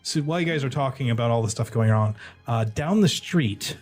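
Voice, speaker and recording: A man as dungeon master, narrating a tabletop horror game in a casual, halting way full of fillers. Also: medium pitch, lively intonation, soft background music.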